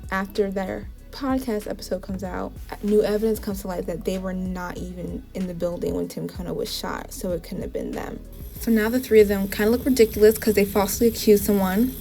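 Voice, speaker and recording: A woman's voice: medium pitch, gravelly, mellow. A woman casually recapping the plot of a TV show in a chatty way, with frequent "like" asides. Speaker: TV show reviewer.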